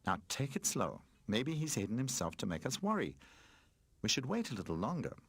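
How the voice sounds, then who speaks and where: A man reading a storybook, voicing a gentle, caring cushion toy in a mild, soothing tone. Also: mid-range voice, wildly swooping pitch, a little fast, creaky, husky, dry recording, full character voice.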